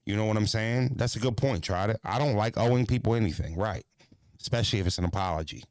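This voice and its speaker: A man hosting a casual podcast, ranting bluntly with profanity, jumping into animated voices and stuttering restarts. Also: lowish voice, fast, no echo. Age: adult. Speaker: podcast host.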